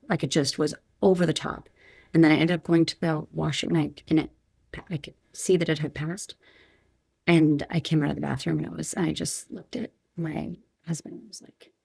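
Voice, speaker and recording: A woman's voice: deep voice, creaky, a little mellow, breathy edge, dry recording, studio quality. A woman in her thirties, a podcast guest, telling a painful personal story candidly, frank and emotional with many restarts.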